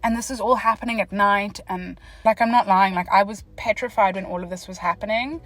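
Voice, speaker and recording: A young South African woman telling a story from her car, casual and animated, jumping between whispers and loud exclamations. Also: medium pitch, brisk, dry recording, low-quality recording. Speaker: vlogger. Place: parked car.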